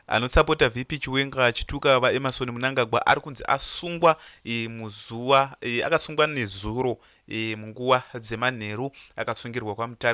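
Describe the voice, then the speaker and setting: Male news host, rapid and punchy, dry close sound. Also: medium pitch, dry recording. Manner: fast, bright and forceful, mixes English into his talk. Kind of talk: casual news commentary.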